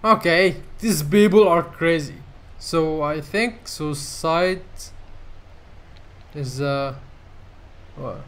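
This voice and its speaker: A man giving let's play commentary, reading the game's dialogue aloud and reacting in an excitable way. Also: fairly high pitch, drawn-out words, long pauses. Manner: excitable, reads game dialogue aloud and laughs often. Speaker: gamer.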